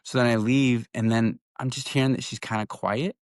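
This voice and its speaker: A man's voice: mid-range voice, steady tone, moderate pace, clean tone, dry recording, clean studio sound. A man in his thirties co-hosting a podcast, rambling through a story with many restarts. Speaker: podcast co-host. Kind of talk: casual chat.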